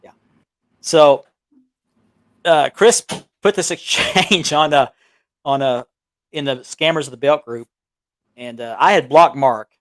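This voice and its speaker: A man with a slightly high voice tells a long, rambling story on a remote call, restarting his sentences and chuckling as he goes. His voice sounds close and dry, with no room echo. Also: takes it slowly, pauses often. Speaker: belt collecting show co-host. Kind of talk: casual storytelling chat. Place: small town home. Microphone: remote call with audio delay.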